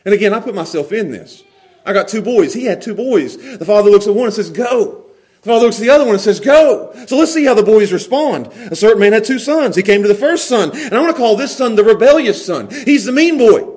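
A man preaching a sermon, animated, laughing often and repeating words as he goes. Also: high voice, quick pace. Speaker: pastor.

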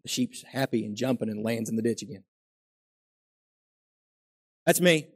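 A man preaching a sermon as pastor, swinging from quiet asides to loud, emphatic exclamations. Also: fairly low pitch, little pitch movement, fast, husky.

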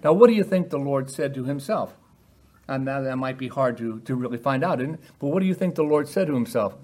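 A man preaching a sermon, posing rhetorical questions and acting out quoted lines with animated emphasis. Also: mid-range voice, fairly quick.

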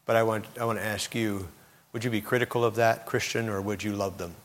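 A man preaching a sermon, telling a story dramatically and swinging between loud and hushed moments. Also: lowish voice, steady tone, brisk, big-room sound. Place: church.

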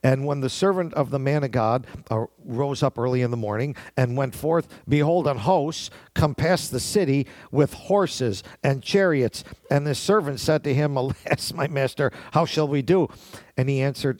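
A man's voice: mid-range voice, moderate pace, a little mellow, no echo. A man preaching a sermon, reading scripture aloud and acting out the voices he quotes. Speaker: pastor.

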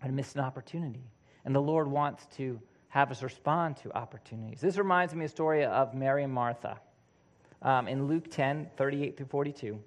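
A man's voice: medium pitch, fairly quick. A man preaching a conversational sermon, now and then acting out what people in his examples say. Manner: conversational, animated, acts out quoted voices.

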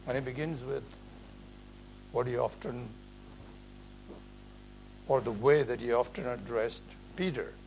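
Gravelly-voiced preacher. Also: male voice, mid-range voice, a little mellow, slight background noise, rough recording. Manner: earnest, emphatic, measured. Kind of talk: expository sermon.

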